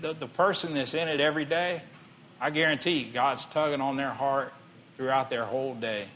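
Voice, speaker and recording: A man's voice: on the high side, a bit bright. A middle-aged man preaching a sermon in a conversational way, reading scripture aloud and asking the listeners questions. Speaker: pastor.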